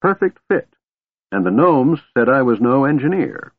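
A man's voice: mid-range voice, very animated, moderate pace, pitched above the performer's own voice. A man voicing a doddering, irritable old male wizard with snappish, absent-minded muttering in an audiobook. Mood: satisfied. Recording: tinny phone-like, dry.

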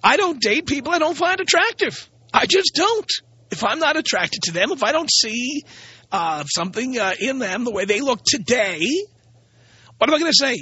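Male radio host, sarcastic ranter, high and bright, dry close sound. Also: expressive, normal speed, slightly rough, no room sound, dull audio. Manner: blunt, ranting, sarcastic. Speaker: radio talk show host. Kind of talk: opinionated radio monologue.

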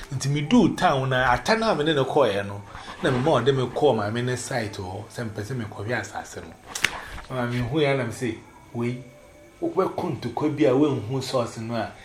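Animated Ghanaian man telling a story. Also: medium pitch, slight background noise. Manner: animated, quotes others in raised voices. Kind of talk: casual storytelling mixing English and Twi. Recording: roomy echo.

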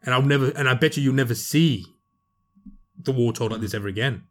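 A man co-hosting a film podcast, talking in an animated, rambling way with strong emphasis. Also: medium pitch, fairly quick. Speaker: podcast co-host, film reviewer. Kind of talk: casual chat.

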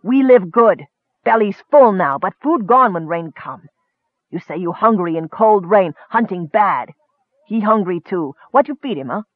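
A man doing a gruff broken-speech goblin. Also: sits high, lively intonation, unhurried, no echo. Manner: growling clipped broken grammar. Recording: tinny phone-like sound.

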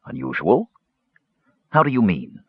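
Guy doing an uneasy noblewoman counselor, pitched up, pleading, dull dry recording. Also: wildly swooping pitch, unhurried, husky, no echo, exaggerated voice. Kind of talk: audiobook character reading.

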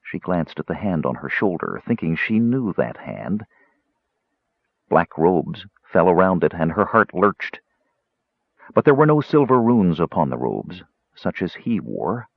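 Male audiobook narrator, deep voice, animated delivery, dry dull recording. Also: measured pace, vocal fry, slightly rough, no room sound. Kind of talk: scripted narration. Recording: slightly muffled audio.

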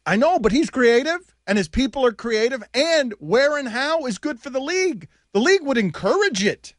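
A man with a fairly high voice hosts a sports radio show, riffing in an animated way and throwing out rhetorical questions. His voice is close and dry on a studio microphone. The banter is loose and energetic. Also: normal speed, no room sound.

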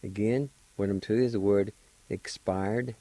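Radio host, male, slow deliberate teacher, mellow dry studio voice. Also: fairly low pitch, fairly even intonation, no room sound, poor audio. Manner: slow, deliberate, spells syllables one at a time. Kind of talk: slow spelling and pronunciation lesson.

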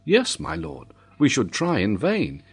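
A man's voice: fairly high pitch, wildly swooping pitch, a little slow, gravelly, husky, voice pushed up, exaggerated voice. A man voicing a loyal young sea captain in an audiobook, speaking earnestly and steadily. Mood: warning.

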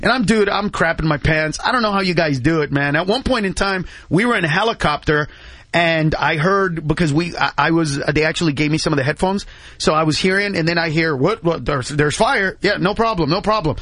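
Male comedian guest, high-pitched, rapid-fire storytelling, slangy, dry close mic. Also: no echo. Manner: excitable, says dude and bro a lot, acts out voices. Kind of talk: animated anecdote telling on talk radio.

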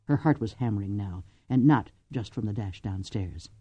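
A woman narrating a novel aloud with expressive, lively storytelling. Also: very deep voice, normal speed, dry recording, lo-fi sound. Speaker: audiobook narrator. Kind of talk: scripted narration.

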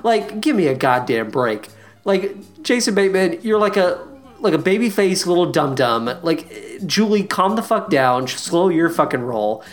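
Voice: mid-range voice, moderate pace. A podcast co-host casually recapping a show, swearing often and ranting sarcastically. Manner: profane, sarcastic, animated ranting.

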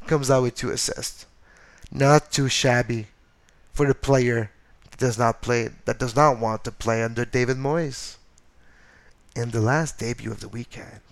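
A man of everyday middle pitch runs a one-man soccer podcast and rattles through the weekend's results. He talks casually and gets animated, tossing in jokes and correcting himself on the fly. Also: clean tone. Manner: animated, excitable, jokey asides and self-corrections. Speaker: podcast host. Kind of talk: casual solo soccer recap.

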